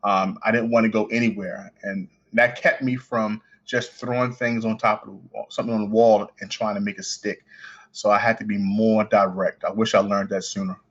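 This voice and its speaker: A man with a Baltimore accent, a coin ring artist talking as a guest on a podcast, speaking quickly with the odd stutter and restart. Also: on the low side, little pitch movement, fairly bright tone, highs cut off. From Baltimore, United States. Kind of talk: casual podcast interview.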